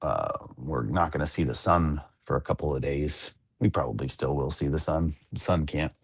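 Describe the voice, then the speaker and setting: An extremely low, gravelly, husky male voice at a moderate pace, captured in clean studio sound without room reverb. The speaker, a podcast co-host from Southern California, chats casually and rambles, restarting often and leaning on fillers.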